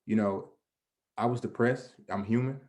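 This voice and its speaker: An earnest man delivers a motivational presentation in a fairly low voice. He talks conversationally, restarting sentences and leaning on "you know", and often poses questions that he answers himself. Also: fairly even intonation, moderate pace, darkish tone. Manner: asks and answers his own questions. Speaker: guest presenter.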